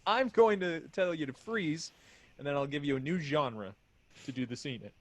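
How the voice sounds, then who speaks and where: A man's voice: a little high, normal speed. A man hosting an improv comedy game show, upbeat and explaining the rules.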